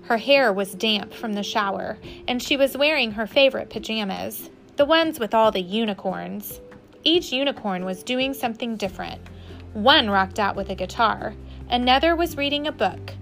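A woman teacher reading a children's book aloud with expressive delivery. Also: a little high, moderate pace, faint music behind. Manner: warm, expressive.

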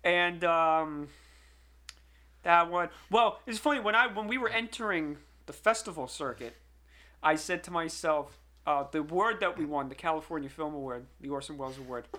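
A young man co-hosting a podcast, telling a story in an excitable way and tripping over repeated words. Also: a little high, moderate pace. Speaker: podcast co-host. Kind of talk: casual chat.

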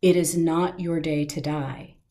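A middle-aged woman telling a personal story in an interview, earnest and heartfelt, slowing down at the emotional moments. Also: deep voice, steady tone, warm tone.

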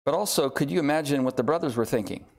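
A middle-aged man preaching a sermon, retelling a scripture story with lively, acted-out voices for the people in it. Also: mid-range voice, quick pace. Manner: animated storytelling, acts out quoted voices.

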